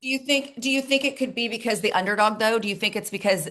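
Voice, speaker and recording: A woman's voice: fairly high pitch, fast talker, fairly bright tone. A woman co-hosting a casual reality-TV recap chat, talking in a questioning, reflective way. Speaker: co-host.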